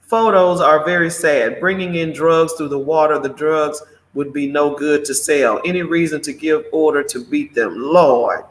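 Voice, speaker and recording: A man's voice: on the high side, normal speed. A man hosting a live morning show, giving outspoken commentary and answering viewer comments in an exclamatory way. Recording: roomy echo.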